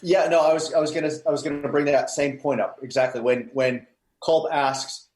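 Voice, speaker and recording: A man's voice: fairly high pitch, steady tone, normal speed, darkish tone. A man co-hosting a podcast in casual chat, explaining his points in careful detail with a few restarts. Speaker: podcast co-host. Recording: roomy, echoey room sound.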